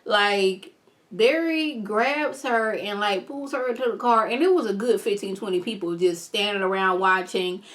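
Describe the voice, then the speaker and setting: Chatty animated woman recapping a show. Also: medium pitch, normal speed. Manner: animated, chatty, talks straight to viewers. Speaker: TV show reviewer. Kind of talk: casual video recap.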